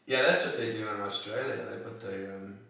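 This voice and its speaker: A man in casual comedic chat as co-host, halting with fillers and laughing at his own jokes. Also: lowish voice, vocal fry, a bit bright. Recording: echoey room, distant mic.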